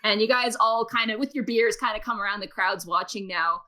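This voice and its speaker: A woman's voice: medium pitch, fairly even intonation, pushed and bright. A young woman narrating a tabletop game as game master, laughing often as she goes. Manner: giggly, quick to laugh while narrating.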